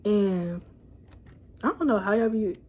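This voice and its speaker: A young woman giving a casual, animated recap of a TV episode, laughing and cursing as she tells it. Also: mid-range voice, takes it slowly, slight background noise. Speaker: show reviewer. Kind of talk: casual chat video review.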